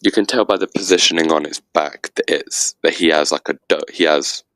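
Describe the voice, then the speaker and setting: A man's voice: extremely low pitch, brisk, a bit bright, dry recording. A man joining a casual discussion as a guest, speaking thoughtfully and hedging with fillers. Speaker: guest panelist.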